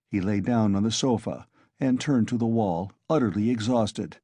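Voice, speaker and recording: A man reading an audiobook in a measured narrating voice. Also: medium pitch, dark tone, breathy edge, dry recording, clean studio sound. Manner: measured storytelling delivery. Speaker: audiobook reader. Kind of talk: scripted narration.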